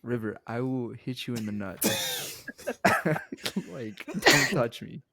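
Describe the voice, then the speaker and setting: A man's voice: medium pitch, expressive, slow pace, bright, forceful tone, no room sound. A man on a casual podcast who talks in a brash, swearing, mock-annoyed way. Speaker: podcast co-host.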